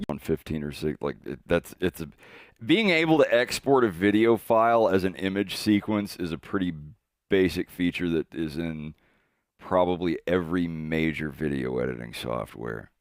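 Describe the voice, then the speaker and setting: A male streamer with a low voice chats casually with his audience. He swings his pitch widely from line to line. He laughs often and breaks into loud, excited impressions. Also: normal speed, no room sound, studio quality.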